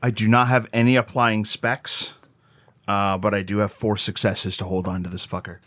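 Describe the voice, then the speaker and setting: Man, player, fairly low voice, eager, swears casually, rules talk. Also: flat delivery, normal speed, fairly bright tone. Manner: eager, swears casually, talks through dice rolls. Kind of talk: playing a tabletop game, casual.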